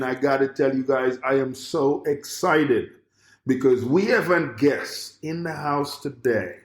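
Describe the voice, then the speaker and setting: A Jamaican man hosts a podcast with excited, upbeat energy and drops easily into patois. His voice sits at an ordinary middle pitch. It rings in a roomy, echoing space. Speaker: podcast host. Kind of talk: casual podcast interview. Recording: echoey room.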